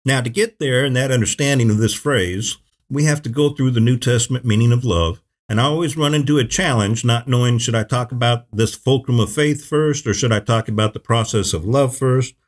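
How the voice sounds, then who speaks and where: Male preacher, mid-pitched, measured and emphatic delivery for a Bible teaching video. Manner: measured, emphatic phrasing with repeated verse quotes.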